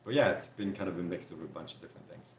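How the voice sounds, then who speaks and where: A deep male voice races along very fast in a roomy space, with a little hiss or hum underneath. The speaker, a French Canadian host from Canada, reads viewer comments and answers questions during a live Q&A, chatting casually with many a "like" and "you know."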